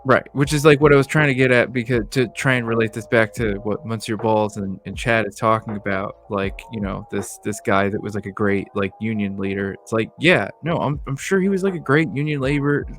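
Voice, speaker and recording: A man's voice: on the low side, brisk, hardly any pauses, faint music behind. A man co-hosting a history stream who chats loosely, swears casually and cracks jokes while reading and reacting. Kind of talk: casual chat with crude humor.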